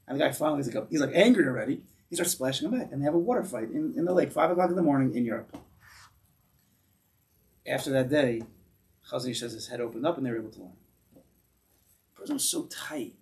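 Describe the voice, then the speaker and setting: Animated rabbi telling a story. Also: male voice, fast talker, creaky, pauses often, recorded from a distance. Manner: animated storyteller, acts out voices with big pitch jumps; frequent restarts and asides. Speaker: rabbi giving a class. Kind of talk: informal Torah class. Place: synagogue hall.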